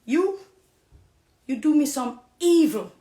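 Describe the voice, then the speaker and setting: Jamaican woman, middle-aged, high voice, preachy testimony, echoey room. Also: animated, takes it slowly. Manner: preachy, swings from hushed confiding to loud accusing. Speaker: dancehall artist on a live stream. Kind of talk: impassioned personal testimony.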